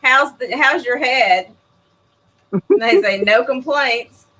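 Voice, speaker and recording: A woman's voice: on the high side, slow, sharp tone, rough recording. A woman in easy, casual conversation. She talks with gushing enthusiasm and breaks into laughter often. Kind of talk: casual chat.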